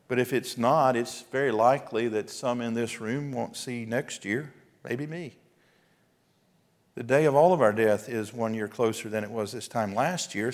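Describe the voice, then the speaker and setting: A man, a pastor preaching an earnest, exhorting sermon with emphatic pauses. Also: medium pitch. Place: church sanctuary. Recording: long hall reverb.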